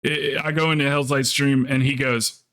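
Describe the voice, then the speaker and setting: A man's voice: medium pitch, level tone, normal speed, fairly bright tone, smooth. A man streaming a game, chatting casually with viewers in a rambling, joking way and swearing freely. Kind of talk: casual live-stream chat.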